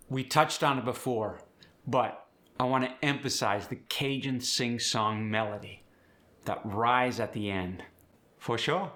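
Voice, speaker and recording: A man coaching pronunciation in a clear, upbeat, instructive manner. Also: mid-range voice, fairly even intonation, measured pace, fairly bright tone. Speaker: accent coach. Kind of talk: pronunciation tutorial.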